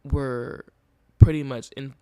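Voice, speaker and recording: A man's voice: medium pitch, fairly even intonation, slow pace, dark tone, smooth, dry recording. A young man hosting a podcast, speaking candidly and earnestly in a reflective, emotionally open personal monologue. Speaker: podcast host.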